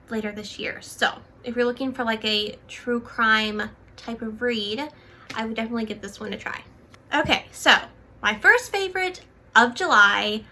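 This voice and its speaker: A woman's voice: a little high, sharp tone. A young adult woman chatting casually about her monthly favorites on her channel, full of "like" and "um", a bit out of breath. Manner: chatty, filler-heavy with lots of "like" and "um". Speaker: book YouTuber.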